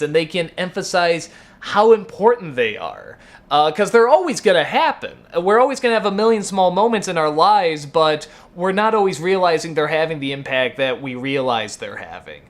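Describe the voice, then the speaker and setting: This thirties-something web show host has a high, expressive voice and keeps a moderate pace. His unscripted talk to camera wanders, full of fillers and second tries, and trivial moments get him fired up.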